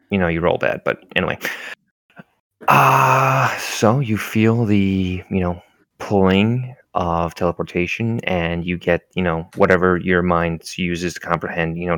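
A man narrating a tabletop game as game master, describing scenes in an unhurried way with many fillers. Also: low voice, steady tone, fairly bright tone, no echo. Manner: unhurried, descriptive, full of fillers like "you know".

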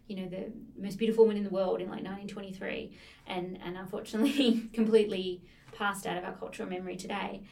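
A woman's voice: mid-range voice, creaky, darkish tone, far from the mic. A woman co-hosting a casual chat about books, telling stories enthusiastically and laughing often. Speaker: podcast co-host discussing books.

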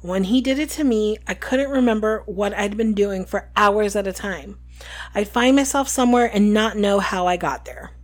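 A woman's voice: medium pitch, normal speed, natural voice. Blunt teen girl, matter-of-fact, woman reading her plainly. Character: calm, blunt teenage girl.

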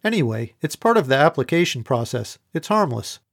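A man's voice: mid-range voice, big pitch swings, a little fast. A man voicing a blunt young woman in an audiobook, dry and matter-of-fact. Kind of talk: audiobook character voice.

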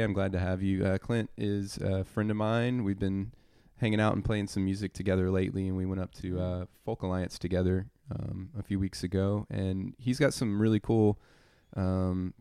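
A man with a very deep, smooth voice hosts a podcast, talking in an easygoing, rambling way full of "uh"s and "um"s. The sound is dry and close, with no room echo. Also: darkish tone. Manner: easygoing, rambling with many fillers. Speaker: podcast host. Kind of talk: casual podcast chat.

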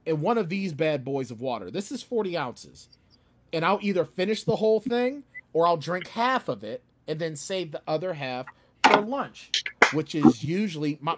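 A man, a guest author, chatting casually and animatedly, often slipping into loud ranting voices. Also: fairly high pitch. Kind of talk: casual chat.

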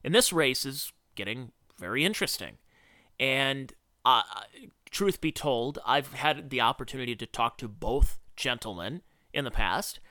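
A man hosting a podcast, giving sarcastic, opinionated political commentary in an animated rant. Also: medium pitch, measured pace, no echo, clean studio sound. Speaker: podcast host.

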